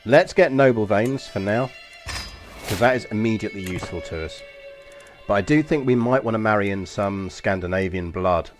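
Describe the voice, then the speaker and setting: Lowish voiced guy w mellowed london accent, bit of new york in it, streaming a strategy game and muttering plans, faint music behind. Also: moderate pace. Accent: softened London with a slight New York touch. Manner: chatty, thinks aloud, swears casually at the game. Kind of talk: casual live-stream game commentary.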